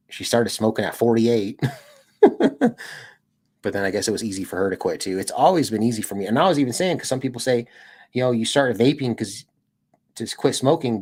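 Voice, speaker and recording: A man's voice: on the low side, darkish tone, husky. Laid-back American guy rambling on stream. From United States. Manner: rambling, laid-back, peppered with "dude" and laughs. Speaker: streamer and channel host. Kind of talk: casual livestream chat.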